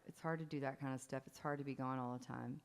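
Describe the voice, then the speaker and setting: A woman's voice: a bass voice, steady tone, fast talker. A woman in her forties, a songwriter telling stories and taking questions from a live theater audience in a chatty, self-interrupting way, often laughing. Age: 40s. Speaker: songwriter performing a one-woman show. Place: theater stage. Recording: long hall reverb, faint music.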